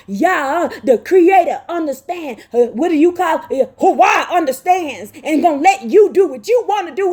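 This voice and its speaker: A woman with a high voice delivers a fervent sermon, reading scripture aloud between her own words. She scolds her listeners, repeats phrases over and over, and cries out. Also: animated, moderate pace, hardly any pauses, a little mellow. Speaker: preacher. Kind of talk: impassioned street-style sermon with scripture reading.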